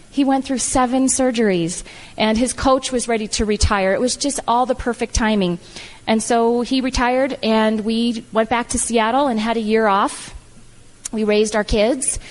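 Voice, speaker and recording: A middle-aged woman telling her personal story to an audience, animated and emphatic, acting out the lines she quotes. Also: on the high side. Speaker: guest speaker. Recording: long hall reverb.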